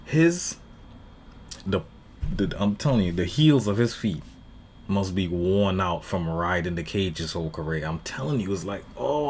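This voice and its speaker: A man's voice: sits low, a little hiss or hum. A man giving blunt, profane reaction commentary on a fight video, ranting with lots of swearing. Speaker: reaction streamer.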